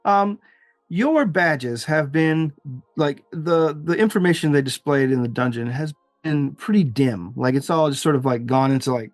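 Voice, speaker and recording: A man's voice: fairly high pitch, lively intonation, moderate pace, dry recording, faint music behind. A man narrating as game master of a tabletop game, rambling with fillers and frequent laughs.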